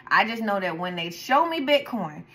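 A woman's voice: medium pitch, sing-song, normal speed, a bit bright, low-quality recording. A woman giving a casual tarot reading to her viewers, talking in a chatty, profane, rambling way and often breaking into laughs. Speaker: tarot reader.

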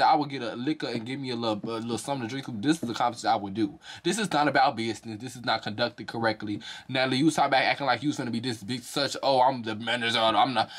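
A young man giving a casual, profane review of a reality show, talking fast and breaking into high mocking voices now and then. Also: a bit bright.

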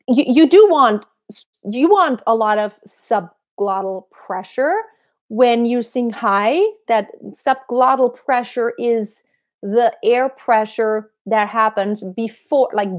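A woman vocal coach answering viewer questions in a relaxed, explanatory way, breaking into short sung examples. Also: on the high side. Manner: explanatory, demonstrates with sung snippets.

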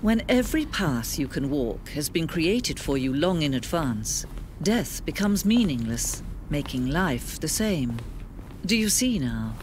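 A woman voicing a calm, philosophical second narrator in a video game, speaking in a steady, questioning way. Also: low-pitched, measured pace, a little hiss or hum. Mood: solemn.

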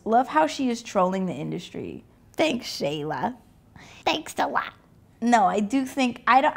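A woman's voice: fairly high pitch, gravelly, darkish tone. A woman in her twenties casually reading and reacting to online comments, laid-back and sarcastic, swearing freely.

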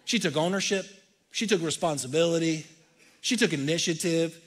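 A pastor delivering a sermon, reading scripture aloud and dropping from loud emphasis to hushed repetition. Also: male voice, a little high, moderate pace, slightly rough. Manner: preaching with big swings from loud to hushed; reads scripture aloud, repeats phrases softly for effect. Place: church stage.

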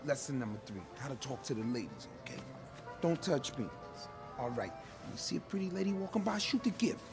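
A man's voice: medium pitch, fairly quick, over music. An actor playing a brash, crude streetwise man who coaches his friend on women in a comedy film. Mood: boastful. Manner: boastful, crude, loud and animated. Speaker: film character.

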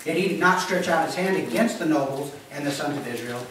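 A man's voice: a little high, fairly quick, fairly bright tone, slight background noise. A male pastor giving a conversational teaching sermon and checking in with his congregation as he reads scripture. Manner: conversational teaching, often asking "Okay?". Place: church sanctuary. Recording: echoey room mic from a distance.

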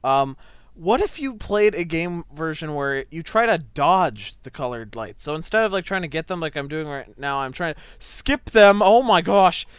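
A young man talks through his gameplay in a high, bouncy voice that swings wide. His tone is smooth and clear, and the room sounds dry and close. He gets excitable and yelps when things go wild. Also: normal speed, no room sound. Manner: excitable, yelps and laughs at big moments. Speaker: gaming channel host. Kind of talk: gameplay commentary. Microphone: desk microphone set back a little.

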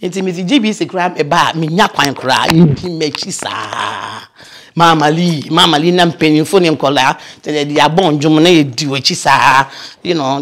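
An older veteran actress from Ghana, telling lively stories in a casual interview. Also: female voice, deep voice. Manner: lively storyteller, mixes in English phrases.

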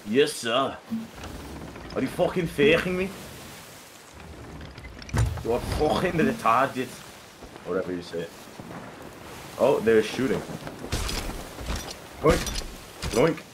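A young man chatting with teammates while playing a game, excitable and swearing often, shouting in quick bursts. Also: mid-range voice, background noise. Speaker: game streamer. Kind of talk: casual gameplay chat with teammates. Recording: game sounds of boat and water behind voice.

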